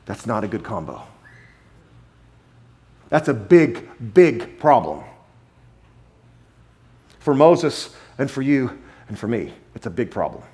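A man preaching a sermon, emphatic, repeating key phrases and swinging between loud declarations and hushed asides. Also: medium pitch, very animated, slow pace, pauses often. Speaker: pastor.

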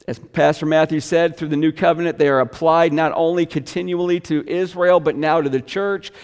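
A high-voiced man preaches to his congregation in a reverberant church hall. He talks to them conversationally, dropping to hushed asides and then rising into loud, emphatic bursts. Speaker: pastor. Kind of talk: sermon.

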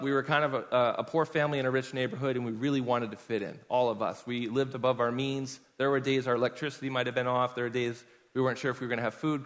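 Man, pastor, conversational sermon, personal storytelling, mid-pitched voice. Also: a bit bright. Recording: long hall reverb.

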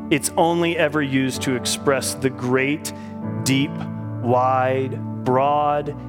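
A man preaching a sermon, fervent and stumbling over repeated words when he gets excited. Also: mid-range voice. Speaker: pastor. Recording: music playing behind the voice.

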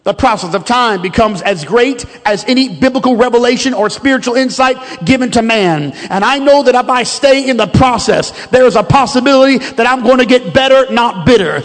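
A man preaching a sermon, with rhythmic, emphatic delivery that builds to shouts. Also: very high voice, lively intonation, a little fast, few pauses. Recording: long reverb of a large hall.

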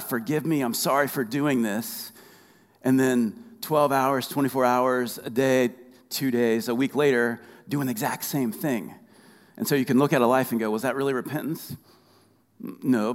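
Man preaching in a reverberant hall. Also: medium pitch. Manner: preaching with call-and-response questions, repeating key phrases. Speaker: pastor. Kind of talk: sermon.

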